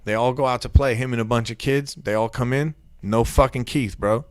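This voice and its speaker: A man's voice: medium pitch, steady tone, a little fast, clear, resonant tone, no echo. A man co-hosting a casual podcast, telling stories in a profane, slangy way and acting out the quotes. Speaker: podcast co-host. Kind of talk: casual storytelling chat.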